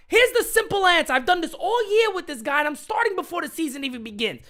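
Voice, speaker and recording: Super pumped guy on a live stream, high voice that jumps all over, yelling a lot. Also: animated, fast, hardly any pauses. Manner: hyped, loud, ranting, often shouting. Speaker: host of a live fan stream. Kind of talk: live-stream sports chat.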